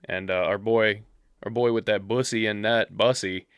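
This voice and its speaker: A man's voice: fairly low pitch, fairly even intonation, moderate pace, smooth, no echo. A young man co-hosting a casual sports podcast, talking bluntly and profanely and telling stories with animation. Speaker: podcast co-host.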